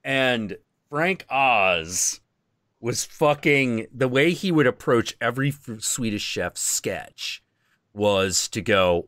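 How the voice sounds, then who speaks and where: A man's voice: medium pitch, expressive, takes it slowly, fairly bright tone, no echo, clean studio sound. A man hosting a stream, chatting casually in a loose, profane way with lots of fillers. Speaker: stream host. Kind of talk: casual chat.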